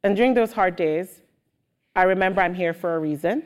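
A woman guest speaker telling stories with animated energy in a live on-stage interview. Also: fairly low pitch, fast, clear, resonant tone. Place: auditorium with audience. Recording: long hall reverb.

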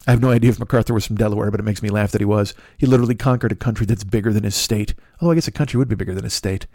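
Racing along with few pauses, a middle-aged podcast host with a lowish voice delivers a profane, rambling comedic rant. He gets animated and acts out the people he quotes. The recording is dry and studio quality.

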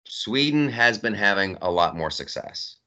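A man co-hosting a podcast, talking in a lower register with a bright, lively delivery that swings up and down. He leans hard on his points and repeats phrases for emphasis. The sound is a little dull and lo-fi. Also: a little slow. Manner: animated, emphatic, repeats himself. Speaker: podcast co-host. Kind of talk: casual political chat.

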